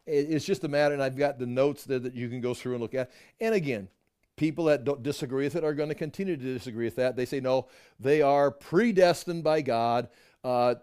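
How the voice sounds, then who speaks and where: A man's voice: medium pitch, a little mellow. A middle-aged man teaching a Bible study, reading verses aloud and explaining them line by line. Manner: explains verses, reads scripture aloud and comments.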